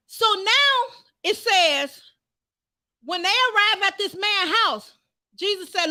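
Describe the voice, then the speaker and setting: High, bright-voiced woman preaching fervently. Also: animated, slow, no echo. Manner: fervent, rising to shouts, calls out to the congregation. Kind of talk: sermon.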